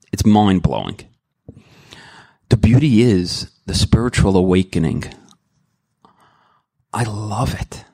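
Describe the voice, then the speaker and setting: A middle-aged man shares his personal testimony at a recovery meeting, speaking in a deep, low voice. He is candid and emotional, circling back and restarting his sentences as he goes. The recording is dry and close, with no room echo. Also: a little mellow. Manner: earnest and rambling, with many restarts. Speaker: member sharing at a recovery meeting.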